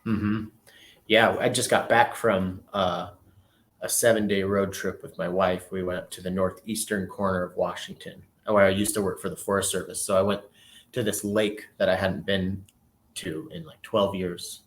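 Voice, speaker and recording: A man with a low voice and flat delivery speaks at normal speed as a guest on a casual video call chat between a podcast host and guest. He's playful and rambling, firing off one question after another.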